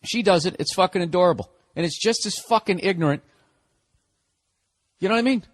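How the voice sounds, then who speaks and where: A male comedian rants to his listeners in a casual, exasperated monologue. His voice sits fairly high for a man, and he swears freely as he talks. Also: fairly quick. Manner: profane, exasperated ranting. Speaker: comedian podcast host.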